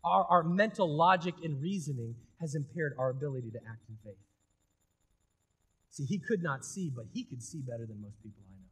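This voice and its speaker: High, husky-voiced male pastor preaching. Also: lively intonation, brisk. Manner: swings between loud emphatic bursts and quiet intensity; casual, conversational preaching. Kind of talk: sermon.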